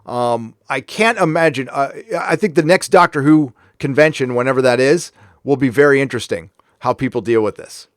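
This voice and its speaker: A man's voice: medium pitch, moderate pace, no echo, studio quality. A man hosting a live stream, giving blunt, profane, angry commentary with lots of restarts. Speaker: livestream host.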